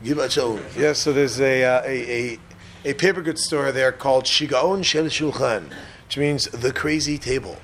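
A man's voice: medium pitch, normal speed, fairly bright tone, slight background noise. A man giving an informal Torah class in a joking, chatty way, often putting questions to his listeners. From Israel. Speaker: rabbi teaching a class.

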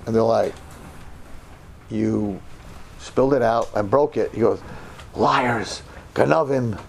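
A man in his sixties from New York telling a story in a sermon, with dramatic swings from hushed murmurs to loud outbursts. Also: on the low side, a little slow, creaky, a little hiss or hum. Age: 60s. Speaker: religious teacher.

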